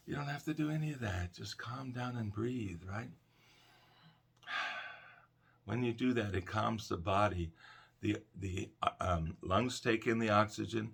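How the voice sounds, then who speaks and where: A middle-aged man, a counselor, giving a calm, conversational self-help talk about breathing. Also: on the low side, measured pace, creaky, long pauses, husky.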